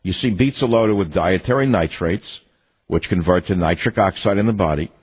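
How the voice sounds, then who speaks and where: A man's voice: deep voice, normal speed, husky, poor audio. Combative older talk radio host man. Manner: combative, mocking, emphatic. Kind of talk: political talk radio monologue.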